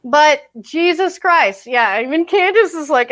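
A woman's voice: sits high, lively intonation, normal speed, hardly any pauses, a bit bright. A woman co-hosting a fan podcast, delivering a heated, sarcastic, profane rant. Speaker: podcast co-host. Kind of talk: ranting fan podcast chat.

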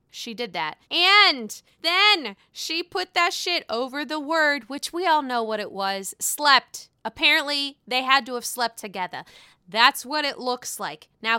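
Sassy, bright-voiced woman dishing gossip. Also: high voice, smooth, no echo, clean studio sound. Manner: chatty, sassy, swears freely. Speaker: gossip vlogger. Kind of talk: casual gossip commentary.

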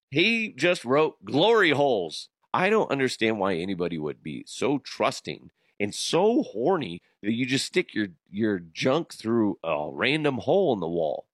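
A man's voice: mid-range voice, very animated, a little slow, dry recording, studio quality. A man reading out listener messages on a comedy podcast, amused and laughing between lines. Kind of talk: casual comedic chat.

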